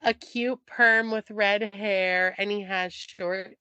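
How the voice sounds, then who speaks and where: A woman's voice: medium pitch, steady tone, takes it slowly, sharp tone, smooth, no room sound. A woman co-hosting a podcast in casual chat, playful and teasing, with lots of "like". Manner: playful, teasing, says "like" a lot. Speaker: podcast co-host.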